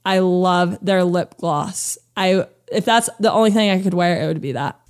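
A woman's voice: lowish voice, normal speed, smooth. A woman in her thirties, an interview guest chatting casually, laughing often and using lots of "like" fillers. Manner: bubbly, laughing storyteller with many "like" fillers. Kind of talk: casual chat.

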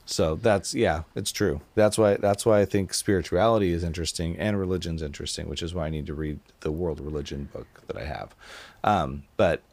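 A man's voice: low-pitched, fairly quick, a little mellow, no room sound. A man hosting a podcast, telling a rambling story in casual chat and acting out the quotes as he goes. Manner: rambling storyteller, acts out quotes, laughs often. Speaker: podcast host.

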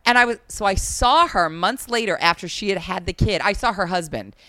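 A woman's voice: mid-range voice, fairly quick, dry recording. A woman in her forties, a comedian guest chatting casually and acting out the people in her stories. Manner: animated storyteller acting out quotes. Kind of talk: casual chat.

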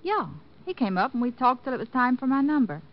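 A cool, teasing nightclub dancer with a fairly high, lively voice that rises and falls a lot. Her breezy lines come through a dull, lo-fi old radio recording. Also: brisk. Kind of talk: 1950s radio drama acting.

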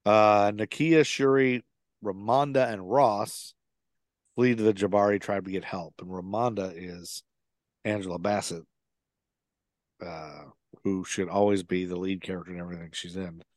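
A man's voice: low-pitched, fairly even intonation, normal speed, no echo, clean studio sound. A man co-hosting a podcast, casually recapping a film plot with lots of fillers and restarts. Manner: rambling, with many fillers and restarts. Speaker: podcast co-host.

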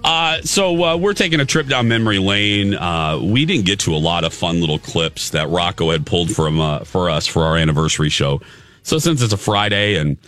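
A lower-voiced man hosting a morning radio show, chatty and animated as he swings up and down in pitch, a little hoarse from losing his voice. His voice is bright and close on a dry studio mic, with a faint music bed behind. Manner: animated, chatty, quick to laugh. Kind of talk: casual radio banter. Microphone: studio microphone.

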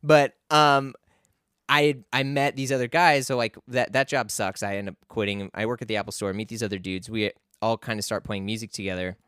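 A man's voice: fairly low pitch, fairly even intonation, brisk, a bit bright, smooth, dry recording, clean studio sound. A young man talking casually as a podcast guest, telling a rambling story full of fillers and restarts.

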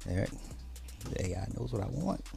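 A man hosting a podcast, giving animated, joking commentary and repeating phrases for effect. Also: lowish voice, normal speed, vocal fry, soft background music. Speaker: podcast host. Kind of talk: casual comedic commentary.

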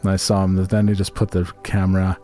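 A man's voice: sits low, completely flat delivery, fast talker, mellow, faint music behind. A man co-hosting a crude comedy podcast, bantering and stumbling over his words as he reads aloud. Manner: stumbling, restarts mid-sentence when reading aloud. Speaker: podcast co-host.

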